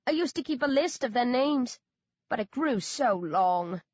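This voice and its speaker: A woman voicing a creepy grown man who coos and croaks over children, in an audiobook. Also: a little high, animated, unhurried, a little mellow, no room sound, lo-fi sound, voice pushed up. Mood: creepy cooing. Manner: cooing, croaking.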